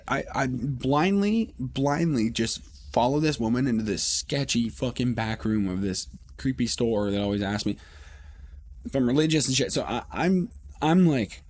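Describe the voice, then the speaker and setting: A man's voice: lowish voice, a little fast, a little mellow, a little hiss or hum. Rambling, profane man telling a story. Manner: profane, rambling, lots of fillers and restarts. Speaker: podcast host. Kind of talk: casual storytelling.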